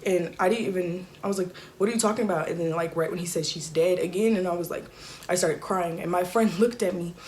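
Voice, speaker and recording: A young woman telling an emotional personal story in a halting, soft-spoken way with many fillers. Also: on the low side, steady tone, a little hiss or hum. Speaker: YouTuber.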